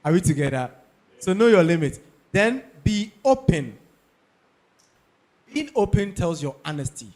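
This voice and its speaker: Emphatic Ghanaian man, fairly high voice. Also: very animated, measured pace, pauses often, a little mellow. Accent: Ghanaian English. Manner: emphatic, repeats key points, checks in with listeners. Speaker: speaker giving career advice. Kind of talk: talk to an audience.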